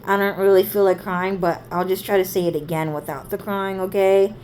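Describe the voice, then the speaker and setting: Brisk and steady in tone, a young woman vlogger with a medium-pitched, darkish voice rambles through a family story as a casual monologue. It's profane, heavy with "like" and "dude," over slight background noise.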